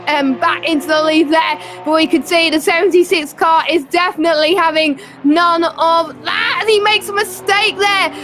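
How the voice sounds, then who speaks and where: A woman co-commentating an online sim race, chatty and full of fillers, getting excited in close battles. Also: very high-pitched, moderate pace, few pauses.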